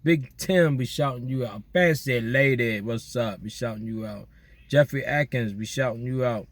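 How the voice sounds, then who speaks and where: Male vlogger, casual slangy shout-out chat, outdoors at night. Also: mid-range voice, moderate pace, no echo. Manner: relaxed slangy banter with listeners. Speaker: vlogger doing viewer shout-outs.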